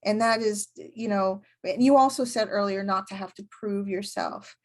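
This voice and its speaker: A woman co-hosting a podcast, talking in a thoughtful, searching way with frequent pauses. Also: medium pitch. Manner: thoughtful, many fillers and restarts. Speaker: podcast co-host, medium. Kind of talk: reflective casual chat.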